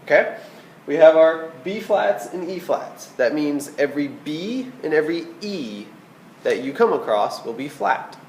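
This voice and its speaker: A man's voice: a little high, lively intonation, a little slow, a little mellow, echoey room, a little hiss or hum, poor audio. A man teaching a recorded flute lesson, patient and checking in with "okay?" as he explains. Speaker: band teacher.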